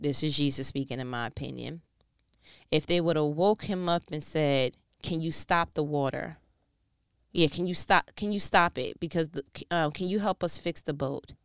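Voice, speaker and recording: A woman's voice: deep voice, clear, resonant tone, no echo, studio quality. A woman preaching a sermon, earnest and building to fervent rhetorical questions.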